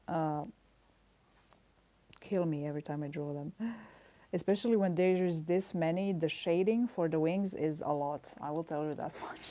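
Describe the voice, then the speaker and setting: A woman with a low, warm, mellow voice talks casually on a stream while drawing at her desk. She rambles softly, thinking aloud and searching for words with small pauses. Her voice is caught by the camera's own microphone. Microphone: camera mic.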